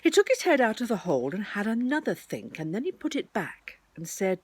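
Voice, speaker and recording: A woman reading a children's story aloud in a slow, expressive storybook manner. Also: on the low side, slightly rough, no room sound.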